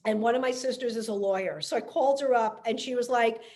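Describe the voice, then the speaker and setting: A woman comedian, telling a story in casual podcast chat, animated and chatty. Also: on the high side, quick pace.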